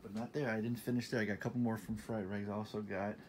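A man in his thirties talking casually in a shopping haul vlog, enthusiastic and repetitive, sometimes dropping to a soft half-whisper. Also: on the low side, flat delivery, fast, slight background noise. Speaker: vlogger showing a shopping haul.

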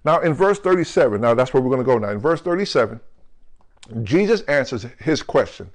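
A male pastor preaching a lively, jokey sermon, who keeps calling out to the congregation and slows down to stress scripture words. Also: medium pitch. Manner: calls out to the congregation with questions like "right?" and "come on".

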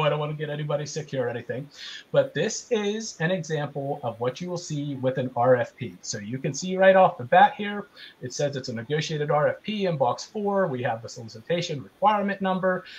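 A man with a fairly high voice presents a webinar class on a video call. He teaches in an earnest, conversational way and leans hard on the points that matter. His voice comes through a call microphone. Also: muffled recording. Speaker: small business procurement specialist presenting.

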